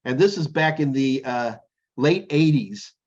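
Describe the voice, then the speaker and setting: A man's voice: medium pitch, unhurried, highs cut off. A middle-aged man co-hosting a casual chat, rambling and joking as he tells stories. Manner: rambling, jokey, animated storytelling. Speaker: podcast co-host.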